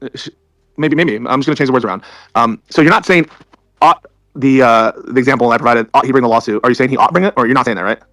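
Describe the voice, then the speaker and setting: A man's voice: medium pitch, fast, a bit bright. A man in a heated live debate, aggressive and profane, talking over the other side and demanding to finish. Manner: aggressive, profane, keeps interrupting.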